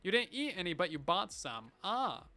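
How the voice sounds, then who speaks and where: An animated young man talks over a game stream in a bright, clear, high voice that rises and falls a lot. He answers viewer messages playfully and chattily from a home streaming setup. Light music plays softly behind him. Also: moderate pace. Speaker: livestreamer. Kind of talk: casual livestream chat reading viewer messages.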